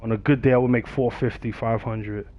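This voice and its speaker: Animated New man telling a story. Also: medium pitch, fairly quick. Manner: animated, acts out the voices of people in his story. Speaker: livestream gamer. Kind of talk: casual storytelling on a livestream. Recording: dull, dry sound.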